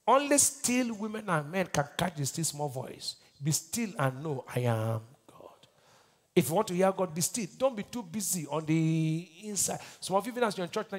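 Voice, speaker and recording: Nigerian pastor quizzing his congregation. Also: sits high. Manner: call-and-response, quizzing the congregation; swings between loud declarations and hushed lines. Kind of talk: sermon.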